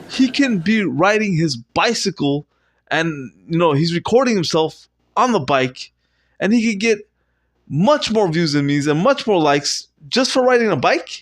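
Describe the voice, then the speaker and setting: A young man rambling through a solo comedy monologue at home, swinging from low mutters to loud shouted bursts and swearing often. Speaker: vlogger doing improv comedy. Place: at home, indoors.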